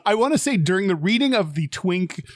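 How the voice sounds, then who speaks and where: A man's voice: sits high, animated, a little fast, dry recording, clean studio sound. A man co-hosting a casual podcast from a remote setup, teasing his co-host and laughing often. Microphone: remote recording.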